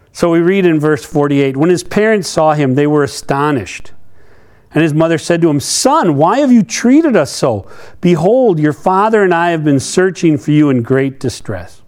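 A man's voice: fairly high pitch, darkish tone. A middle-aged man preaching a sermon in a conversational way, asking his listeners questions as he talks them through scripture. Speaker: pastor.

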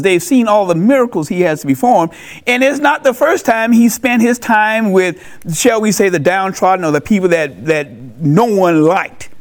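A man preaching a sermon, animated and emphatic, repeating key phrases for effect. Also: high voice. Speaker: pastor.

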